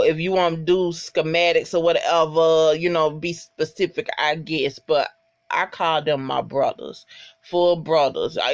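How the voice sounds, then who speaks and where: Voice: mid-range voice, no echo, muffled recording. A vlogger recapping a TV episode in casual, profane, emphatic storytelling and talking straight to viewers. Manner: talks straight to viewers as "y'all".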